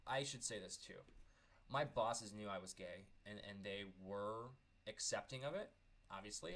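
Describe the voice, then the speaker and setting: Earnest man in his thirties, lowish voice. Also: a bit bright. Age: 30s. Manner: earnest, candid, stumbling over repeated words. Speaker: vlogger. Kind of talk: personal storytelling vlog.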